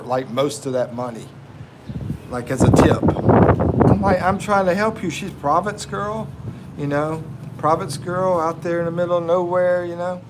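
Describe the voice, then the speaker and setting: An American man hosts a relaxed livestream, reading viewer comments aloud and laughing often. His talk is slow and drawn out, a little higher than most men. Steady background noise and passing vehicles sit behind him. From United States. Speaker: livestream host. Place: living in the Philippines.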